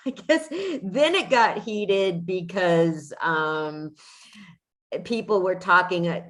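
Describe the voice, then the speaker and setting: Indignant, swearing woman podcast host. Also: lowish voice. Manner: indignant, swearing, frequent restarts. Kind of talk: casual chat.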